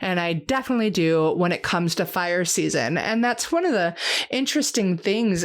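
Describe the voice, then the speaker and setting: A young adult woman hosting an herbal podcast, chatting casually and eagerly with lots of fillers. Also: fairly low pitch. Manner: chatty, enthusiastic, many fillers.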